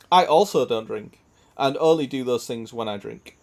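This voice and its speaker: Crude, swear-filled banter and laughter come from a young gaming streamer during casual gameplay chat. His voice is mid-range and a little mellow.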